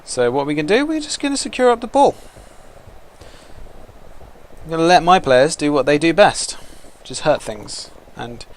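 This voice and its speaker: A man giving excitable, taunting commentary over a video game he is playing. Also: on the high side, brisk. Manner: excitable, taunting trash talk. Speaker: gaming commentator. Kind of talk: let's-play commentary.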